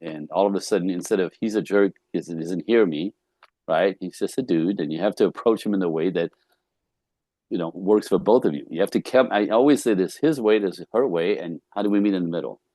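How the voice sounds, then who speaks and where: A man with a lowish voice chats easily about relationships, laughing often and slipping into little acted-out exchanges. His voice sounds dry and close, with no room around it. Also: brisk, dark tone, no echo. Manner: chatty, laughs often, acts out quoted dialogue. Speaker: guest. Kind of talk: casual conversation on relationships.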